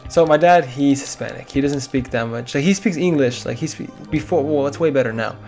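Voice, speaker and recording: A man's voice: medium pitch, a little fast, a little mellow, faint music behind. Rambling, tired young man gaming. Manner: rambling, chatty, frequent "like". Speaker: let's play gamer. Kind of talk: casual gameplay commentary.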